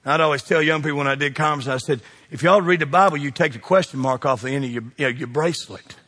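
A preacher in his fifties delivers a folksy, emphatic sermon in a husky, high voice. He swings from hushed asides to ringing declarations. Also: fast talker. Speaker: pastor.

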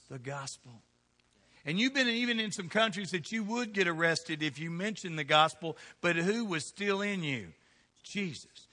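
Bright, high-voiced man preaching. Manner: emphatic, swings from loud calls to hushed asides. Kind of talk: sermon. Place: church.

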